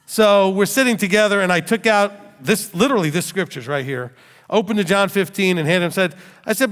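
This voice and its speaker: A man's voice: high voice, a little fast, a bit bright, clean tone. A middle-aged man teaching scripture as a rabbi, telling stories with laughs and rhetorical questions. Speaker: rabbi teaching a Bible study. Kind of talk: animated sermon teaching. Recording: long hall reverb.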